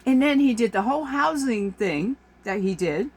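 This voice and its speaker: A woman's voice: fairly high pitch, lively intonation, normal speed, slightly rough. A woman vlogger delivers an exasperated, emphatic rant to camera, repeating her points for force. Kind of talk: ranting monologue to camera.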